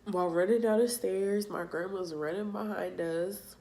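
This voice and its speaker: A young woman telling a personal story for her vlog, halting and emotional, with casual slang. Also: medium pitch, steady tone, a little mellow. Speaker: vlogger.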